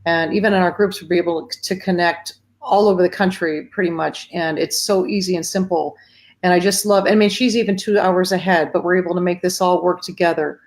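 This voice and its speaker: A woman hosts a faith-based grief support livestream over a video call, chatting casually, warmly greeting viewers by name and using many fillers. Her voice is on the low side with fairly even intonation, and she speaks briskly.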